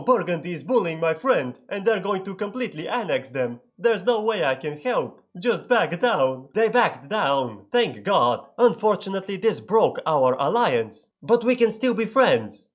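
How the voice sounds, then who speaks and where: A man giving sarcastic, mock-excited comedic commentary over a strategy game. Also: high-pitched, unhurried, hardly any pauses. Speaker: gaming YouTuber.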